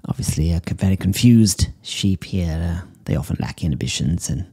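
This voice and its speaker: An actor playing an eccentric middle-aged woman pet psychic, talking in a breezy, deadpan way and calling everyone darling. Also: low-pitched, moderate pace, breathy edge, full character voice. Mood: airy. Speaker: host. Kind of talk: improvised character comedy monologue.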